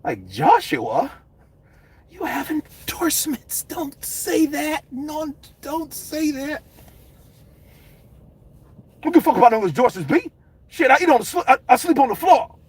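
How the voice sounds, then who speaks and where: A man doing an impression of a brash, hot-tempered heavyweight boxer who yells profane taunts and swaggering boasts. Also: very high-pitched, big pitch swings, measured pace, pauses often, voice pushed up, full character voice. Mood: bragging.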